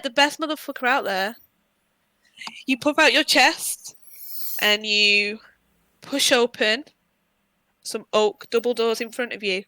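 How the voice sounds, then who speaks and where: A woman's voice: on the high side, pushed and bright, dry recording, rough recording. A woman with a British accent, narrating a tabletop game as dungeon master with vivid, swearing storytelling.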